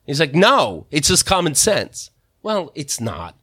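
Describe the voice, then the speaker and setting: A man hosting a podcast, telling a story in an animated, profane rant and laughing between bursts. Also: a little high, a little slow, breathy edge, no echo, studio quality. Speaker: podcast host. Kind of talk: casual ranting storytelling.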